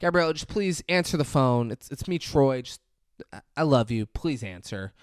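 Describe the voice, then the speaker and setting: A man's voice: mid-range voice, lively intonation, moderate pace, smooth, no room sound, clean studio sound, close to an everyday voice. A man voicing a volatile, obsessive teenage boy who leaves ranting voicemails, swinging between threats and pleading.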